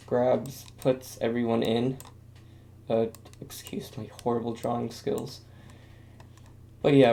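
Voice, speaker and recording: A man's voice: medium pitch, vocal fry, dark tone, slight background noise. A young man giving casual video game commentary, rambling and self-deprecating with lots of fillers. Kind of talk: casual commentary while drawing.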